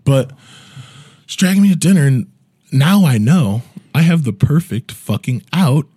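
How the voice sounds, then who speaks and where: A man's voice: a little high, animated, unhurried, warm tone, slightly rough, dry recording, studio quality. A man telling a comedic story in casual chat, loose and profane, laughing often.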